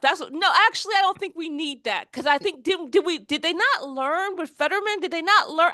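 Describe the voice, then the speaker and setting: A woman hosting a casual political chat, animated and quick to mock the voices she quotes. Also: very high voice, no echo, clean studio sound. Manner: animated, mocking quoted voices, frequent restarts. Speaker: podcast host.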